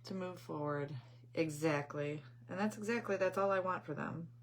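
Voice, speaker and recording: Middle-aged lady rambling on a craft live stream, lowish voice, keeps saying hi to viewers. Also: moderate pace, slight background noise. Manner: chatty, rambling family storytelling; greets viewers mid-story. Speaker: craft channel host. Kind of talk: casual live-stream chat.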